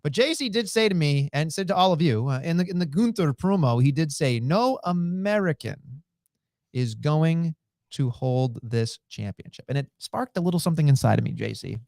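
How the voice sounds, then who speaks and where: A podcast co-host in a casual wrestling chat, talking in an animated, excitable way with lots of fillers. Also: mid-range voice, fast, vocal fry, hardly any pauses, no echo, clean studio sound.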